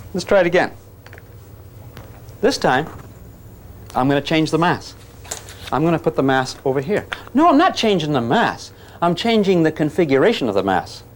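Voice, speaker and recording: A man's voice: on the high side, a little hiss or hum. A man teaching physics to a class, joking and coaxing the students while he demonstrates. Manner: jokey, coaxing, calls students gang.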